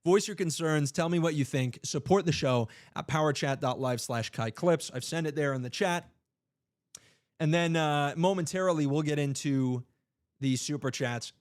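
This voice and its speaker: A man's voice: on the high side, moderate pace. A young man hosting a political livestream, speaking emphatically with rhetorical questions and playful asides. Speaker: livestream host.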